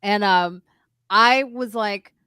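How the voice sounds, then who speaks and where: Bright-voiced woman chatting casually. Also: medium pitch, slow pace, clean tone, no echo, clean studio sound. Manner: chatty, rambling, laughs often. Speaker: co-host. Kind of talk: casual comedy chat.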